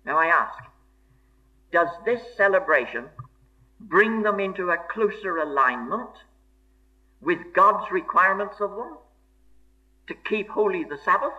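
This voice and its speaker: A man's voice: high-pitched, expressive, a little slow, pauses often, pushed and bright. A man preaching a sermon in an earnest, emphatic way, repeating key phrases for stress. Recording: dull lo-fi sermon recording.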